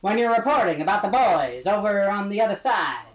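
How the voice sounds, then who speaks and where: A man's voice: high voice, big pitch swings, a little fast. A man putting on a 1940s wartime radio announcer. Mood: rousing. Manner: rousing, patriotic, declaiming. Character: old-fashioned male wartime radio announcer.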